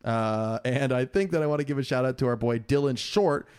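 A man's voice: medium pitch, a little fast, darkish tone, smooth. A young man co-hosting a casual podcast from his apartment bedroom, joking and teasing his co-host.

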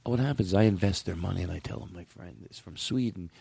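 A man's voice: low-pitched, creaky, warm tone, breathy edge, no room sound. A man hosting a comedy podcast, improvising bits and cracking up his co-hosts. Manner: sings goofily, then talks fast and scheming. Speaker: podcast host. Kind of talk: loose improv comedy chat.

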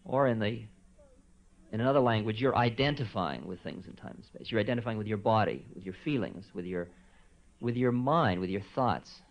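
A man giving an informal spiritual lecture, conversational and soft-spoken, with many asides. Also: on the low side, normal speed. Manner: relaxed, conversational, soft-spoken with frequent asides and quiet chuckles. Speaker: spiritual teacher giving a talk. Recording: dull lo-fi tape recording.

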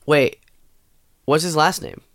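A man's voice: on the high side, animated, vocal fry, a bit bright, no echo, studio quality. A man co-hosting a comedy podcast, laughing easily and playing along with the bits. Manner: giggly, quick to laugh and play along. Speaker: podcast co-host. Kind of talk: improvised comedy chat.

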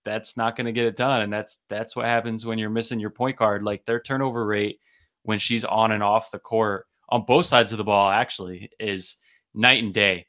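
Bright-voiced man breaking down basketball. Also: lowish voice, fairly even intonation, moderate pace. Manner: enthusiastic, analytical, repeats words. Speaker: podcast co-host. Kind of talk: casual sports podcast analysis.

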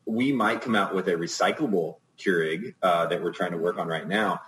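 Hesitant low-voiced man, rambling. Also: moderate pace, fairly bright tone, poor audio. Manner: rambling, hesitant with many ums and restarts. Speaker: podcast co-host. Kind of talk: casual chat.

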